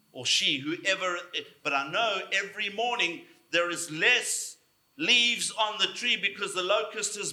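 A man preaching a sermon, emphatic, slowing down to stress key words. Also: high-pitched, bright, forceful tone. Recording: echoey room.

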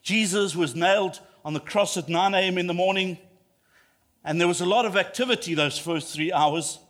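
A man's voice: high voice, normal speed, a bit bright. A man preaching a sermon, emphatic and repeating lines for effect, rising to passionate peaks.

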